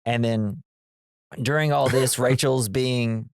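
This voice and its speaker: A man's voice: mid-range voice, fairly even intonation, slow, smooth, no echo, clean studio sound. A man co-hosting a casual movie podcast, rambling and acting out characters' lines. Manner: rambling, acts out quoted lines. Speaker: podcast co-host. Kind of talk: casual movie review chat.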